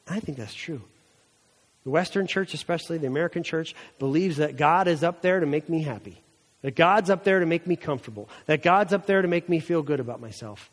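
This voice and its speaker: Heard in a big, roomy space, this man's voice leans high as he delivers a sermon in a conversational style. He's a pastor who slips into the voices of the story's people through asides.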